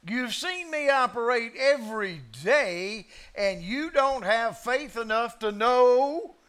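A preacher voicing a calm but stern teacher who scolds his followers and teases their fickle faith. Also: very high-pitched, slow, clear, resonant tone, voice pushed up, exaggerated voice. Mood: stern chiding. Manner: firm, chiding, mildly mocking.

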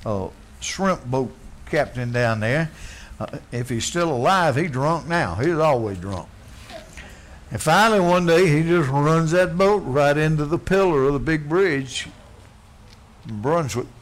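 A man preaching a blunt, folksy sermon, dropping to quiet asides and then yelling. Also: on the high side. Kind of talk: fiery sermon.

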